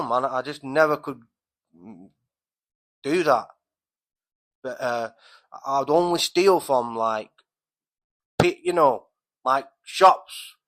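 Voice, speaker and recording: A man's voice: mid-range voice, pushed and bright, low-quality recording. A man telling a rambling, swear-filled story at home as a podcast host, full of restarts and fillers. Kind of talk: casual storytelling monologue. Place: at home, by a window on a street.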